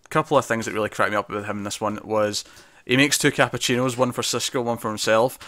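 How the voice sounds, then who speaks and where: A man co-hosting a TV review show, chatting casually in a quick, animated way with frequent restarts. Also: medium pitch, no echo. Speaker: TV review podcast co-host. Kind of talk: casual chat.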